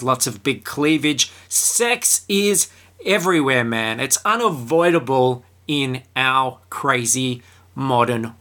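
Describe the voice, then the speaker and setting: A man's voice: medium pitch, bright, forceful tone. A man giving a comedic film review monologue, irreverent, crude and sarcastic.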